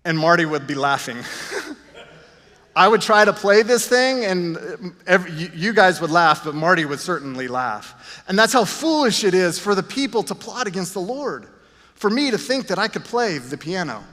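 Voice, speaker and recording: A man's voice: high voice, lively intonation, normal speed, fairly bright tone. Man preaching in a reverberant church. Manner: earnest with self-deprecating asides. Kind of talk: sermon.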